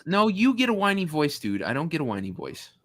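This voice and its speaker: A man running a casual panel, counting up the votes and cracking jokes. His voice is a little high and swings widely up and down. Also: wildly swooping pitch, brisk, fairly bright tone. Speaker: host, moderator.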